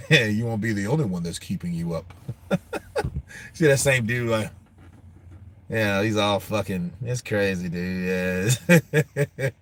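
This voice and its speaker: A man's voice: fairly low pitch, lively intonation, slow, pauses often, a little hiss or hum. A man hosting a boxing show, chatting casually and telling loose, profane stories with frequent laughs. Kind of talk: casual live-stream chat.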